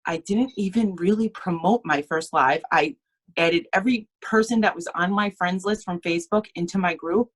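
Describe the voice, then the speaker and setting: Low-voiced woman, earnest and tearful. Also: normal speed. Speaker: team member sharing her story. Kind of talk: emotional personal testimony.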